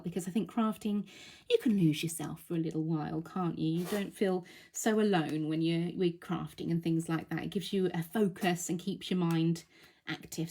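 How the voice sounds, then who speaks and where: A slightly low-pitched woman talks through a live craft demonstration. She sounds a little breathless after being unwell, and she keeps a chatty, reassuring flow with frequent ums. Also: warm tone, slightly rough. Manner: chatty, reassuring, thinks aloud with many ums. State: out of breath, recovering from illness.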